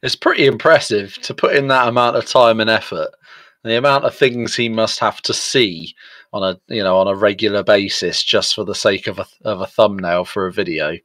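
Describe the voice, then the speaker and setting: A man co-hosting a casual chat show, dry, measured and wry in his remarks. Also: lowish voice, a bit bright, dry recording. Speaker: podcast co-host.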